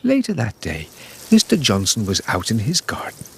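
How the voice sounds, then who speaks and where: A man narrating a children's cartoon story in a gentle, sing-song way. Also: on the low side, wildly swooping pitch, normal speed, creaky, a little hiss or hum.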